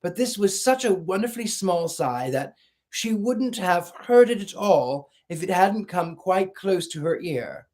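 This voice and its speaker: Man reading a storybook aloud, higher voice. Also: unhurried. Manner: expressive, shifts into character voices.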